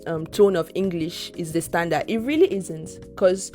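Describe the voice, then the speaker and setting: A woman's voice: fairly low pitch, normal speed, dark tone, faint music behind. A young adult Nigerian woman co-hosting a podcast, speaking in an earnest, reflective way with frequent restarts. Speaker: podcast co-host. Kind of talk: casual podcast chat.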